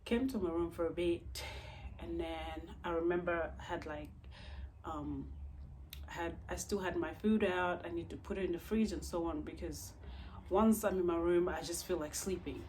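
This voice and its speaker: A young woman vlogger telling a story in an expressive, emphatic way. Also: lowish voice, normal speed, slight background noise. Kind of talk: storytime vlog.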